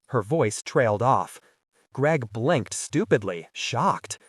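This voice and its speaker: A man narrating a thriller audiobook with a dramatic, expressive delivery. His pitch moves a lot across each line, and the recording is dry and close with no room echo. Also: slow pace, husky.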